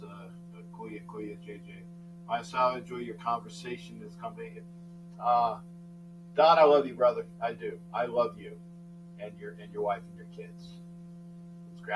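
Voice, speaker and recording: An older man hosting a live sports talk stream, chatting casually and greeting viewers by name in a rambling way. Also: mid-range voice. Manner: rambling, shouts out viewers by name, frequent restarts. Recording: distant mic with faint mains hum.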